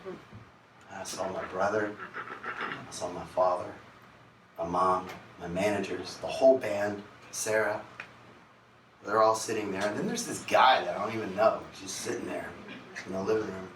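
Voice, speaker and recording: A man's voice: sits low, steady tone, normal speed, pauses often, a bit bright, slight background noise. A man, a singer, telling a candid and confessional story on a concert stage, recorded in an echoey venue from a distant mic.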